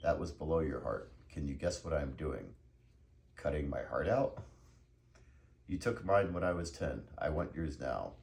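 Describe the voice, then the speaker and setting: A man's voice: rumbling low, lively intonation, unhurried, vocal fry, darkish tone, echoey room, exaggerated voice. A man voicing a relentless vengeful swordsman. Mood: grim. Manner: determined, repeating a vow. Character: wounded Spanish swordsman seeking revenge, relentless.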